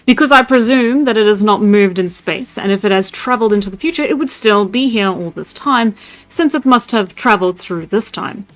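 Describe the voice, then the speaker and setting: A woman voicing a Victorian psychologist laying out an argument in a measured way. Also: mid-range voice, natural voice. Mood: reasoning. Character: reasoning Victorian psychologist, male.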